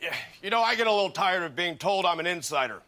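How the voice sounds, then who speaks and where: An actor playing an earnest, rambling older senator with a Pennsylvania accent in a sketch comedy debate parody. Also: male voice, high voice, expressive, quick pace, pushed and bright. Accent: Pennsylvania American. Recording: TV sketch with audience laughter. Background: studio audience laughter.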